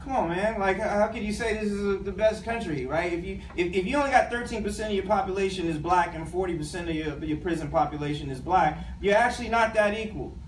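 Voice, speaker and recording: A man's voice: high-pitched, quick pace, few pauses, a little hiss or hum. Impassioned man speaking in an echoey room. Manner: impassioned, emphatic, colloquial, addresses audience directly. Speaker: guest speaker, education professor. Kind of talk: community talk to a live audience. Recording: echoey room, mic at a distance.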